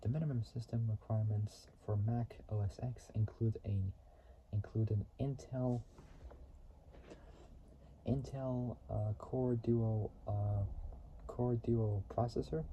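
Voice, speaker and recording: Very dark-voiced rambling man, lo-fi. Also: mid-range voice, steady tone, slow, a little hiss or hum. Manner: rambling, often restarts and corrects himself. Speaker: gaming video host. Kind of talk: casual game commentary.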